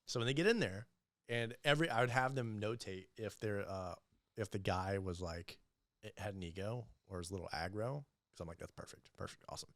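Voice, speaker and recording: A young man telling animated, profane sales stories as a guest in a casual podcast interview, acting out the people he quotes. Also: lowish voice, brisk, no echo. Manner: animated, profane storyteller who acts out quoted voices. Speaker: entrepreneur guest.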